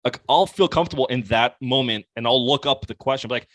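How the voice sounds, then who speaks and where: A young man talks through sales tactics in a relaxed, animated conversational way, filling his sentences with "like." His voice sits at an ordinary pitch. The recording is dry and close, with no room sound. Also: fast talker, no room sound. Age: young adult. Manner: casual, animated, heavy use of "like". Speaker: podcast guest, sales coach. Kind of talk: conversational podcast interview.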